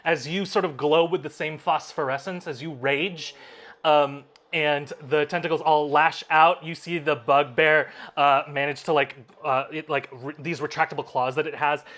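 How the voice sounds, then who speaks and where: Man, game master, bright tone, halting narration, lots of fillers. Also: a little high, steady tone. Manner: halting, full of fillers, laughs often.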